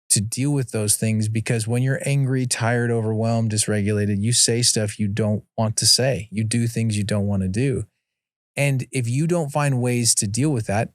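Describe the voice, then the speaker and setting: A man's voice: mid-range voice, a little mellow, dry recording, clean studio sound. A man who is a guest on a podcast and a father of four, giving earnest, casual advice and acting out the things he says at home. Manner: earnest, acts out his own quoted lines.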